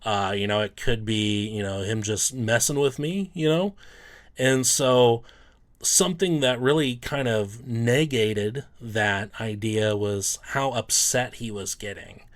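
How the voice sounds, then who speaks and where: A man's voice: fairly low pitch, takes it slowly. A sports card collector, a man, telling a personal story in a loose, rambling way, full of "um" and "you know".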